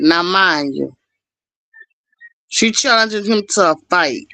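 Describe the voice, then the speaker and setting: A middle-aged woman on a livestream, telling a story in an animated, casual way straight to her viewers. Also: mid-range voice, normal speed, gravelly, dry recording. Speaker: livestream host.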